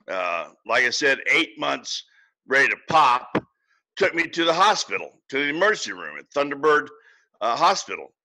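Bright-voiced older man telling a story. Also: medium pitch, low-quality recording. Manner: folksy, chuckling storyteller. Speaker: podcast guest. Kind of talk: casual storytelling.

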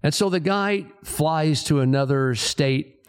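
A man's voice: a little high, a little slow, clear, resonant tone. A man, a pastor, hosting a casual church chat and telling stories with a chuckle. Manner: storytelling, chuckling, with restarts.

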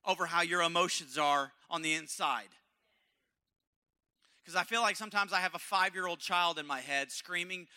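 A male pastor preaching an impassioned sermon at a church service, hoarse, dropping to a hush and then rising loud. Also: sits high, moderate pace. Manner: impassioned, swinging from hushed to loud.

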